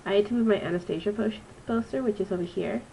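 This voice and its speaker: A woman's voice: mid-range voice, fast, creaky, warm tone, a little hiss or hum, low-quality recording. A woman in her twenties with a stuffy, nasal voice from allergies, giving a rambling, casual book review on her vlog. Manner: chatty and rambling, with frequent ums. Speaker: student teacher reviewing a book.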